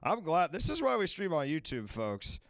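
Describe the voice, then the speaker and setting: A man's voice: on the high side, huge pitch swings, normal speed, dry recording. A man hosting a live advice stream, chatting loosely and rambling, swearing freely as he goes. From Washington, D.C. area. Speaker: livestream advice show host. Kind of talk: casual live-stream chat.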